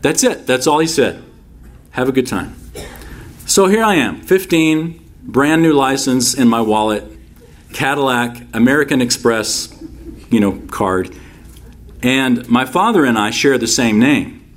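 A man's voice: mid-range voice, animated, measured pace. A man preaching a sermon as a pastor, stressing key phrases by repeating them and telling folksy personal stories with asides.

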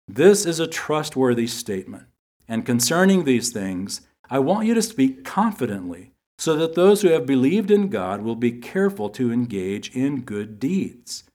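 Male Bible teacher, mid-pitched, earnest sermon delivery, repeats key lines. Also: very animated, a little mellow. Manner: earnest, repeats key phrases for emphasis, reads scripture slowly.

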